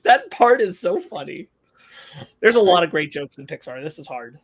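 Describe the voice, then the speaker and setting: A man's voice: fairly high pitch, sing-song, moderate pace. A man co-hosting a casual podcast, laughing as he recalls favorite movie bits. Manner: laughs through his stories. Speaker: podcast co-host. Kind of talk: casual chat.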